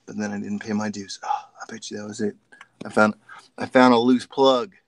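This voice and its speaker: Gravelly male voice, casual jokey guest on a video call, mutters asides. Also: on the low side, level tone, a little fast, noisy background. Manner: joking, rambling, mutters to himself. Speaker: guest artist.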